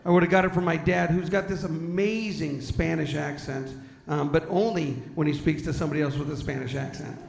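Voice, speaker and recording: High-voiced stand-up comedian in echoey hall. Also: male voice, steady tone, fairly quick, vocal fry, a little hiss or hum. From San Diego, California. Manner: conversational, self-deprecating storytelling with character voices. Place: large hall with audience.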